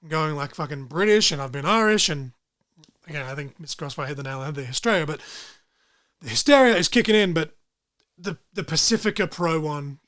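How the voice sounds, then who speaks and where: A young man co-hosts a laid-back podcast in a slightly high voice. He rambles excitedly from one plug to the next, swearing freely as he goes. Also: brisk. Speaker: podcast co-host. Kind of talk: casual podcast chat.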